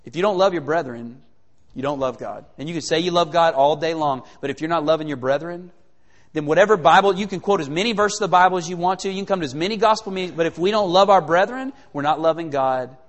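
A man preaching a sermon in a conversational, animated way, full of rhetorical questions. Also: fairly high pitch, quick pace, in a large hall.

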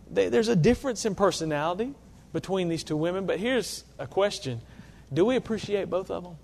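A man's voice: high-pitched, darkish tone. A man preaching a sermon to a congregation, earnest, often asking rhetorical questions. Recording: long reverb of a large hall.

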